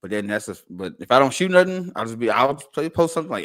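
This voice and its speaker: A man's voice: mid-range voice, sing-song, fast, few pauses. A man, cracking jokes and laughing in casual chat as a podcast co-host. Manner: laughing, joking asides.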